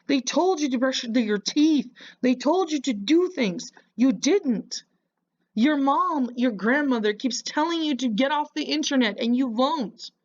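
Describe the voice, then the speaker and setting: A woman's voice: high voice, expressive, unhurried, dull audio. A woman giving casual reaction commentary, mocking and lecturing the person in a clip.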